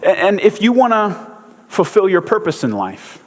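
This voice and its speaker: A man's voice: sits high, very animated, moderate pace. A man giving a casual sermon, a chatty, joking storyteller with lots of fillers. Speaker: pastor. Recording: long hall reverb.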